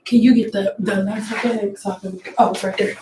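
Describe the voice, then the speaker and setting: A woman's voice: mid-range voice, steady tone, a little fast, roomy sound, distant mic, background noise. A woman hairstylist talking bluntly and candidly to her viewers from her salon. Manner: outspoken, blunt storytelling. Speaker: hairstylist vlogger. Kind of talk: candid vlog chat. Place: hair salon room.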